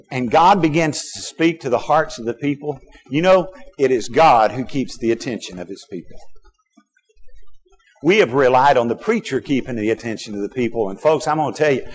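Emphatic preacher man. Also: medium pitch. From Texas. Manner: emphatic preaching with sudden loud and soft swings. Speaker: pastor. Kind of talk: sermon.

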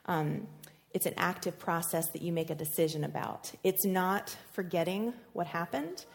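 A woman with a slightly low voice teaching a class on relationships. She talks in a casual, chatty way, full of little fillers and restarts. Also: normal speed, gravelly. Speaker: workshop presenter.

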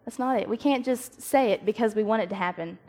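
A young woman gives a casual devotional talk. She speaks in a lively, animated way and puts on voices for the people in her stories. Her tone is relaxed and storytelling. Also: medium pitch, fast talker. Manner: animated, acts out quoted voices, laughs at herself.

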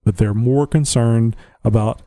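A man's voice: mid-range voice, unhurried, mellow, dry recording. Man, Southern US accent, podcast host, casual rambling monologue, opinionated, very dry close sound. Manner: opinionated, blunt, chuckles to himself. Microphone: home podcast mic.

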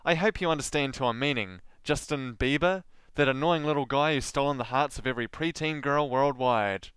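A man's voice: mid-range voice, a little fast, a bit bright, smooth, no room sound. A man with a Southland New Zealand accent hosting a podcast, reading a scripted monologue with a dry, self-deprecating delivery. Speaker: podcast host.

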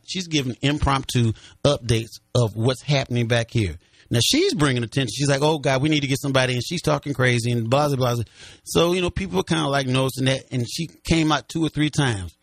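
A man's voice: medium pitch, creaky, no echo. A man giving a personal account in an interview, telling it vividly and acting out what others said. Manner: vivid storyteller who acts out what others said.

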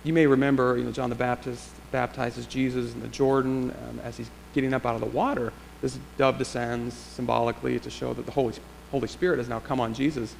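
A man's voice: mid-range voice, little pitch movement, brisk, vocal fry, few pauses. A male pastor preaching a sermon in a church sanctuary, in a reflective, conversational way with rhetorical questions. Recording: long church reverb, faint hum.

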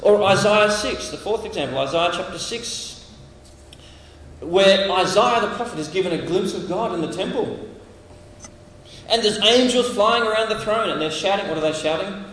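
A high-voiced Australian man preaches in a large, echoing hall, his voice carrying a long reverb. He is animated and dramatic, switching into little acted voices for the figures in his passages. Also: moderate pace, slight background noise. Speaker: camp speaker. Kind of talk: sermon. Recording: echoey hall, heard from a distance.

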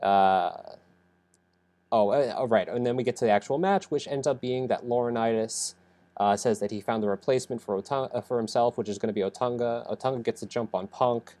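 A man's voice: mid-range voice, brisk, warm tone. A young man who says he is sick, rambling through a casual podcast recap with many fillers and self-corrections. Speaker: podcast host reviewing wrestling.

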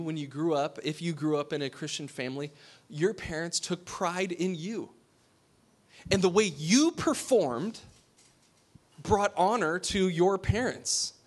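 Male preacher, informal sermon style, fairly high voice, blunt and chatty, restarts a lot. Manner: frank, informal, with many restarts. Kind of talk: conversational sermon. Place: room with a small congregation.

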